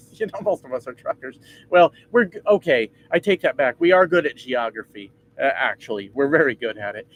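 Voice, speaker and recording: A man's voice: medium pitch, expressive, normal speed, a little hiss or hum, rough recording. A man driving a truck and chatting casually with his livestream viewers, joking and swearing as he rambles. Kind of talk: casual live chat reading comments. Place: truck cab.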